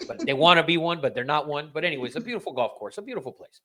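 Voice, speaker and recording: A man's voice: a little high, expressive, racing, sharp tone. A man hosting a podcast, ranting in casual, profane chat that rambles with restarts. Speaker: podcast host.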